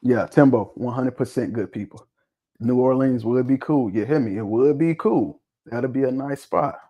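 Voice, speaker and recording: In dull-sounding audio, a male livestream host talks at normal speed with a medium-pitched voice. His casual stream chat is loose and jokey, full of profanity and frequent laughter.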